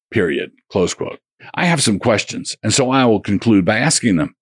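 A man's voice: fairly low pitch, husky, no room sound, clean studio sound. A man reading his own polemical essay aloud as a religious commentator, with a sardonic, combative manner and a run of rhetorical questions.

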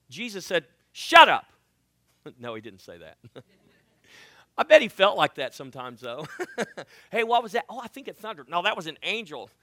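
High-voiced, bright male preacher. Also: no echo, clean studio sound. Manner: dramatic swings from loud proclaiming to hushed near-whisper; acts out Bible voices with playful asides. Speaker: pastor. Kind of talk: sermon.

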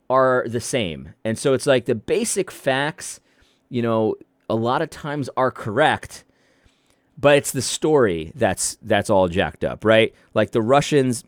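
In a dry, studio-quality recording, a commentator with a fairly low-pitched voice explains his views to viewers in an emphatic, casual monologue. His delivery is full of restarts and stuttered repeats.

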